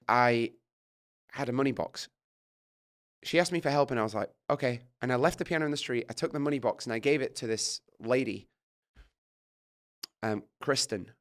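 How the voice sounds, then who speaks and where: A middle-aged British man telling a story in casual chat, animated and swearing, acting out his own reactions. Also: mid-range voice, moderate pace, pauses often. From Britain. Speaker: guest.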